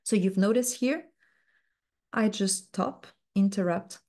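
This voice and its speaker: A woman mentor teaching a coaching technique, speaking slowly and softly with frequent fillers. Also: mid-range voice. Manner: slow, soft-spoken, uses many fillers.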